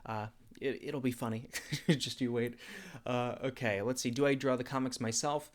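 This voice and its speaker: A young man in a casual livestream Q&A, chatting at an easy, laid-back pace. His delivery is loose and relaxed, with plenty of "uh"s as he works through questions. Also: medium pitch, moderate pace. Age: young adult. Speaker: YouTuber and comic dubber.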